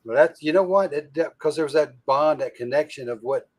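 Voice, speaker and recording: A man hosting a casual chat, musing in halting phrases that trail off and restart. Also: a little high. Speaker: host.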